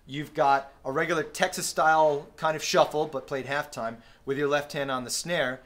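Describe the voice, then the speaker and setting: A man with a slightly raised voice teaches drum patterns in a friendly, easygoing way. He fills the gaps with small "uh"s and sings the drum beats out loud. He is recorded on a camera mic in a practice room with a drum kit. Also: fairly high pitch, normal speed. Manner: relaxed, friendly explaining with fillers and sung drum sounds. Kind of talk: casual instructional talk. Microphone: camera-mounted recorder.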